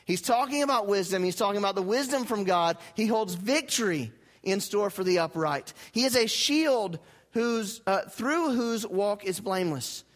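Male pastor with a high voice, preaching in a dynamic sermon style, with call-and-response to the church. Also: animated, normal speed. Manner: wide swings from loud emphatic lines to low quiet ones; rhetorical questions and call-and-response with the congregation.

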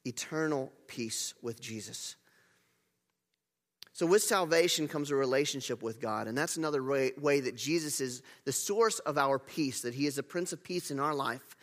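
A man with a high, bright voice delivers a sermon in a church hall. He speaks conversationally but with emphasis, often restarting and correcting himself mid-sentence. The sound rings with a long hall reverb. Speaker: pastor.

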